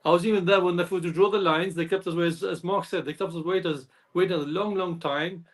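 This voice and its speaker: A man with a notably high voice talks football in a loose, rambling way. He circles back over his points, repeats phrases and slips into imitations of others. It sounds like casual fan chat over a call. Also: brisk, few pauses. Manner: rambling, repeats himself, mimics others' speech. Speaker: fan channel co-host.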